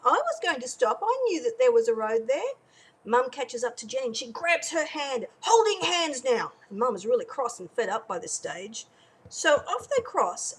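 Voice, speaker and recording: A woman, a parenting educator, tells a teaching story in an animated way and acts out the characters as she goes. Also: high-pitched, breathy edge, rough recording. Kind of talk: storytelling lesson.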